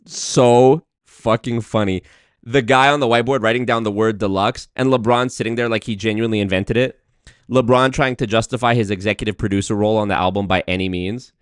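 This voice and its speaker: A man's voice: lowish voice, a little fast, no room sound, clean studio sound. A man hosting a reaction video, mocking a clip with swearing and bursts of laughter. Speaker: commentary host. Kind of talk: reaction commentary.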